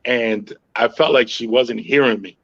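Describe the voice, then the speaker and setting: A middle-aged man hosting a podcast, telling stories in a calm, even tone with frequent "yo" and swearing. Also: mid-range voice, a little slow, lo-fi sound. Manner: calm, even-tempered storytelling with frequent "yo" and profanity. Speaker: podcast host. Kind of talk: casual podcast chat.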